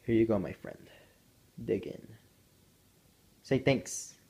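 A young man vlogs casually, joking around, baby-talking to his puppy, and sometimes slipping into Spanish phrases. His voice is fairly low, gravelly and darkish, and he speaks slowly.

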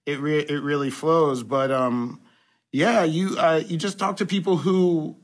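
Animated film director chatting as guest. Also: male voice, fairly high pitch, a little slow. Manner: animated, swears casually, says "bro". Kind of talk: casual chat.

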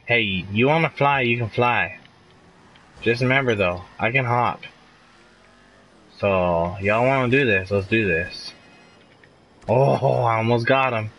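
A man's voice: medium pitch, slow pace, long pauses, fairly bright tone, slight background noise, low-quality recording. A young man live streaming a video game, chatting casually and swearing as he gets frustrated. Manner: frustrated, swearing, laughing outbursts. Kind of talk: casual gameplay commentary.

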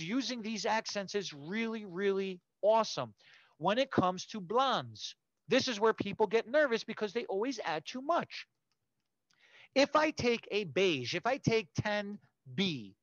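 A high-voiced man teaches hair toning step by step, repeating figures and stopping to correct himself. The sound is dry and a little dull, as if on a modest mic. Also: no echo. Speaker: hair color educator. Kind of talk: instructional explanation.

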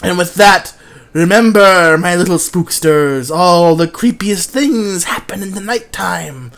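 A woman's voice: fairly low pitch, takes it slowly, pitched below the performer's own voice. A woman playing a pompous, bumbling male horror storyteller who narrates a spooky story theatrically, with blustery outbursts. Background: plucked guitar music.

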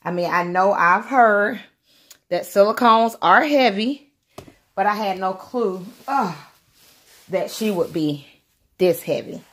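A woman's voice: mid-range voice, lively intonation, slow, long pauses, fairly bright tone. Chatty woman unboxing a doll. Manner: chatty, addresses viewers as y'all. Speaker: doll collector vlogger. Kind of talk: casual unboxing chat. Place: indoors at home, by a window.

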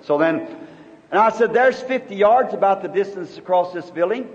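A very high-pitched man in his fifties preaches with earnest, halting storytelling that often restarts its sentences. The sound is a dull old sermon tape, and the voice carries a long reverb from the hall. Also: expressive. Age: 50s.

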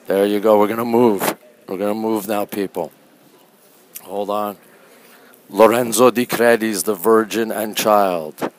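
A man from Canada keeps his somewhat low voice down to a hush as he livestreams from a quiet art museum. He chats casually and greets his viewers one by one by name. He speaks into a phone microphone held close. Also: low-quality recording. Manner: talking low and hushed. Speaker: livestream host. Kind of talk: casual live-stream chat.

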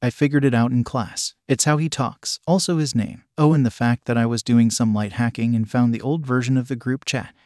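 A man voicing a teenage boy hacker who talks in a flat monotone. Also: mid-range voice, a little fast, hardly any pauses, dry recording, studio quality, lightly acted. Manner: flat, even delivery.

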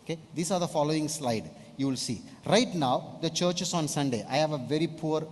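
A man's voice: a little high, expressive, fairly quick. A male pastor preaching a sermon emphatically, often putting questions to the congregation. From India. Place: church hall. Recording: long hall reverb.

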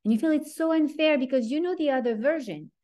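A woman with a French accent teaching an informal online class over a video call, chatty and animated, often breaking into laughs. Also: high voice, fast. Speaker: teacher of a weekly Torah class.

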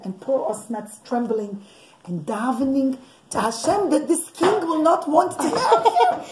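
A mother telling a bedtime story to her child at home, animated, with laughing asides and a teaching tone. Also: high voice, measured pace, a little hiss or hum. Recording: echoey room.

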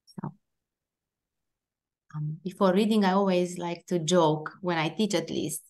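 A woman's voice: fairly low pitch, fairly even intonation, measured pace, darkish tone. A woman from Romania with a Romanian accent and a nasal voice, reading her poems and chatting hesitantly between them. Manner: hesitant with many fillers when speaking off the page. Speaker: poet reading her work. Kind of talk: poetry reading.

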